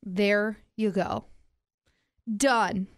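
A woman's voice: mid-range voice, fairly even intonation, extremely slow, no room sound, studio quality. Blunt teasing young woman co-host. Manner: blunt, teasing, practical advice-giver. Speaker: podcast co-host. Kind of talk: casual chat.

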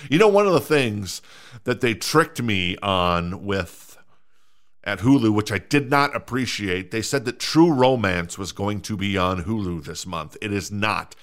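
A man's voice: lowish voice, animated, a little slow, fairly bright tone. A middle-aged man hosting a podcast alone, rambling casually with lots of fillers, restarts and jokes at his own expense. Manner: rambling, self-mocking, many fillers and restarts. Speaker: podcast host. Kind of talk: casual solo podcast chat.

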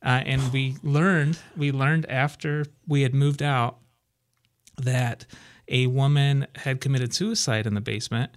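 A man's voice: mid-range voice, steady tone, a little slow. A man co-hosting a talk radio show, recounting a personal story in a laid-back way with fillers. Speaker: radio co-host. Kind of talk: casual talk radio chat.

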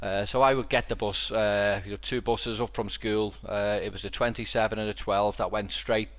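A man's voice: lowish voice, steady tone, normal speed, fairly bright tone. A middle-aged man with a Liverpool accent, hosting a podcast and telling stories in a rambling, casual way with many restarts. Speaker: podcast host. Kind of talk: casual chat.

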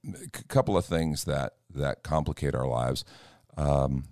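A pastor with a very low, deep voice chats in an earnest, storytelling way. He acts out little quoted exchanges as he goes, and the sound is dry and close. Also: unhurried, darkish tone, dry recording. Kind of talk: casual chat. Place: church.

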